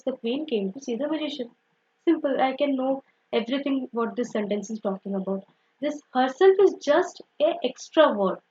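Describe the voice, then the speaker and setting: A woman's voice: sits high, darkish tone, breathy edge, lo-fi sound. A woman teaching an online grammar lesson, explaining step by step and often saying "simple" and "okay".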